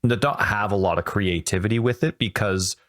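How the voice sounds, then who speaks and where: A man hosting a gaming podcast, talking in a rambling, excitable way and often correcting himself mid-sentence. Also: lowish voice, fairly quick. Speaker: podcast host. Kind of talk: casual podcast chat.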